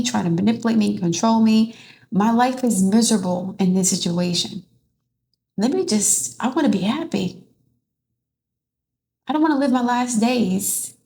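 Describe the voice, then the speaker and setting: A woman's voice: medium pitch, gravelly, mellow, slight background noise, natural voice. A woman voicing a weary, fed-up rich older man who complains in an exasperated way.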